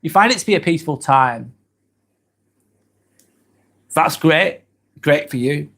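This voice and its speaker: A man's voice: on the high side, animated, a little slow, a bit bright. A man, hosting a live stream and chatting casually through viewer comments, earnest and hesitant, with many ums and apologies. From England. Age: 40s.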